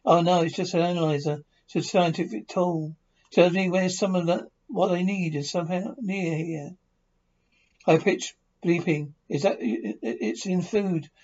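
A man's voice: high voice, fairly even intonation, normal speed, darkish tone. An actor playing a stranded human astronaut, earnest and stammering as he explains himself in a science-fiction TV drama. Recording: dull lo-fi TV sound.

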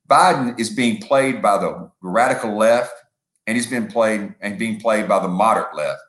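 A man co-hosts a political podcast in a fairly low, somewhat bright voice at a moderate pace, and the room has an echo. His casual commentary rambles, leans on football comparisons, and acts out quotes.

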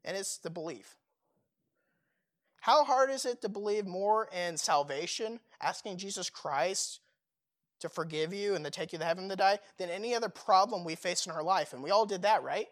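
A man's voice: high-pitched, moderate pace. A young man preaching a sermon in a casual, conversational way, full of fillers and rhetorical questions.

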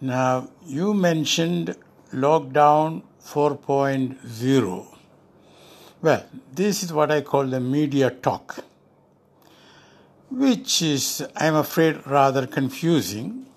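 Slow, emphatic older man. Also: on the high side, animated. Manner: measured and emphatic, stressing key words. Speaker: interviewee, former ambassador. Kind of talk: deliberate spoken commentary.

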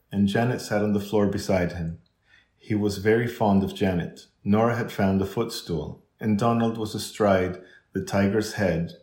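A man's voice: lowish voice, darkish tone. A man narrating a children's novel as an audiobook, reading steadily and barely changing his voice for the characters. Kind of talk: scripted narration. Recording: echoey room.

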